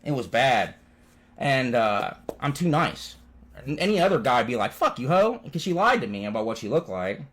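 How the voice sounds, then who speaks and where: A man's voice: medium pitch, moderate pace. A man vlogging from home, telling rambling stories full of swearing and constant "dude"s. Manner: animated, swears constantly, says "dude" often. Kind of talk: profane casual storytelling.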